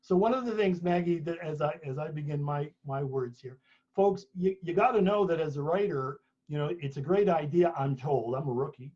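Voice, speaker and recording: A husky, somewhat high-voiced man spins an anecdote in a loose, chatty way, often restarting his sentences. The sound is dull and lo-fi, like an online talk. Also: moderate pace, mellow. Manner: chatty storyteller, many restarts. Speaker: author and speaker. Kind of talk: conversational talk at a book launch.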